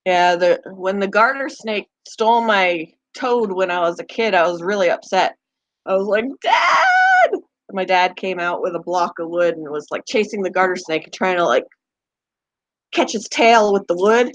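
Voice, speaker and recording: A woman's voice: lowish voice, normal speed, no echo. A woman hosting a pet channel in a rambling, casual live chat. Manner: chatty, rambling, talks to her pets in between.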